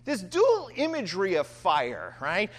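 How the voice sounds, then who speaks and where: A man preaching a sermon and reading scripture aloud, talking in an animated way with frequent "right?" asides. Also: sits high, measured pace.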